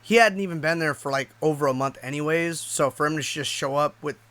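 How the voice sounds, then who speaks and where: Guy streamer rambling thru a story, swears a lot, kinda high voice, dry sound. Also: brisk, a bit bright, dry recording. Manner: rambling and profane, with frequent restarts. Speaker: YouTube streamer. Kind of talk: casual personal storytelling.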